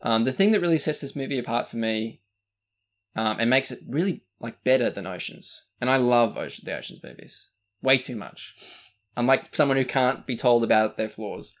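A man's voice: medium pitch, lively intonation, normal speed. An Australian man co-hosting a casual podcast, rambling through a movie review with lots of fillers and restarts. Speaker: podcast co-host.

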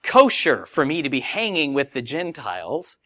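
A man voicing an insistent adult male apostle in quick acted quotes within a sermon. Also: mid-range voice, very animated, a bit bright. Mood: protesting.

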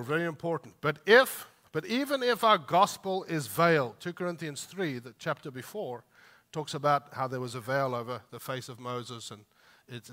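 A man preaching in a sermon style, his voice set a little high and bright. He pushes hard on the scripture he reads and sinks softly into asides. A long hall reverb trails behind each phrase. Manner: emphatic preaching, rising on read scripture and dropping low for asides. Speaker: pastor.

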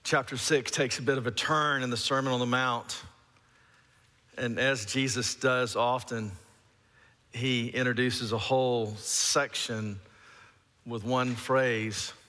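A man preaching a sermon as a pastor, telling stories and acting out the shouted parts. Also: medium pitch, slow pace, big-room sound. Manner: storytelling with lively shouted re-enactments.

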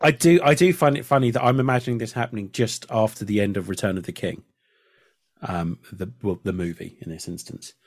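A man's voice: fairly low pitch, a little fast, no room sound, studio quality. Mumbling man hosting a chat podcast. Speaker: podcast host. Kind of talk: casual chat.

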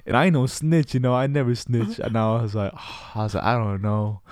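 A man's voice: mid-range voice, a little fast, dry recording, clean studio sound. A young man telling school stories in casual, slangy chat, acting out the people in them. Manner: slangy storytelling, animated impressions.

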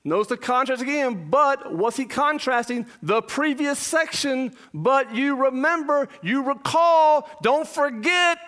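A man, a pastor and father, preaching an impassioned verse-by-verse sermon, shouting much of it and then dropping to a low voice. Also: lively intonation, unhurried, hardly any pauses. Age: young adult or middle-aged parent.

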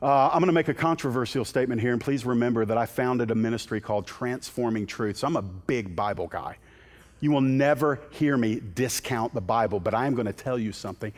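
A man's voice: mid-range voice, fairly quick. A man preaching a sermon as a guest preacher in a church sanctuary, impassioned and emphatic, often restarting his words. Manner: impassioned, building to emphatic peaks, with repeated restarts. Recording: long hall reverb in a sanctuary.

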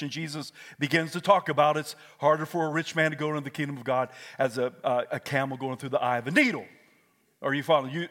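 A male pastor preaching a fervent sermon, moving between hushed talk and shouts and calling on the congregation to repeat after him. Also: a little high, big-room sound. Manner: calls on the congregation to repeat words. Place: church sanctuary.

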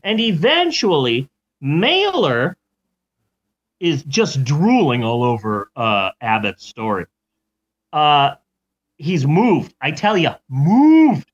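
A man's voice: fairly high pitch, big pitch swings, takes it slowly, long pauses, a bit bright. A man telling a story in a rambling, jokey comedic way, on a dull lo-fi recording.

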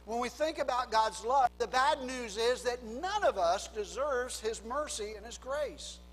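A man preaching a sermon as a pastor, swinging between hushed low phrases and loud emphatic lines. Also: expressive, unhurried, big-room sound, slight background noise, rough recording. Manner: preaching with dramatic drops to a hush and rising emphasis.

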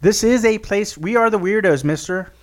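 Talking at a normal speed in a voice that sits high, a man co-hosts a podcast, keeping the casual chat brash, joking, and full of profanity.

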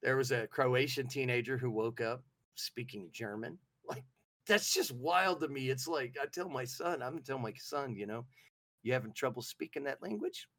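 This man from the Southern US speaks with a Southern accent, a medium pitch and a moderate pace, and the recording is dry. He co-hosts a casual comedic podcast chat, animated and jokey, slipping into silly voices.

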